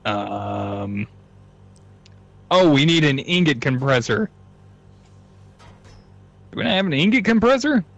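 A let's play co-player chats casually while gaming, his fairly high, bright voice very animated yet slow, with long pauses. He's laid-back, dropping frequent ums and laughs into the banter. The lo-fi mic sounds slightly dull.

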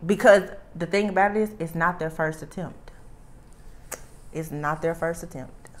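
A tarot reader with a Southern US accent channels a reading to camera, emphatic and repeating her warnings, drawling "I'm telling you." Her voice is fairly low, at a moderate pace.

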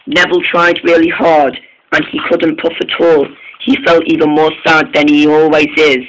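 A man reading a children's train story aloud, halting, with frequent restarts and slips. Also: fairly high pitch, level tone, background noise.

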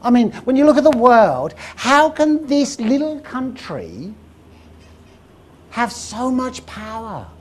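A woman's voice: on the high side, slow. A woman giving a live lecture, telling history as a story and quizzing the audience. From England. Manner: lively storytelling, asks the audience questions. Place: lecture room.

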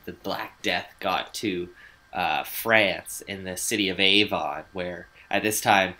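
A man's voice: deep voice, slow, pushed and bright. A man co-hosting a podcast, telling a story in a loose, rambling way with frequent swearing and filler words. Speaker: podcast co-host. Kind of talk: casual chat, telling a researched story.

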